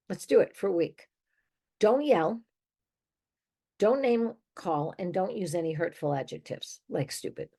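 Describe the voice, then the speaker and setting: A woman's voice: medium pitch, warm tone. An older woman, a therapist hosting her own show, giving emphatic, conversational advice straight to listeners with little laughs between points. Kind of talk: direct-to-listener advice monologue.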